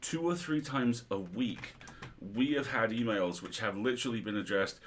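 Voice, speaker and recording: A man hosting a livestream chat, an animated storyteller who acts out quotes. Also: fairly low pitch, moderate pace, slight background noise. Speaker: podcast host.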